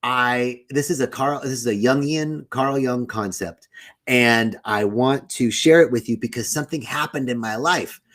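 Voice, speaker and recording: A man's voice: mid-range voice, fairly bright tone. A middle-aged man hosting a spiritual live stream, chatting casually, greeting viewers by name and telling a candid story.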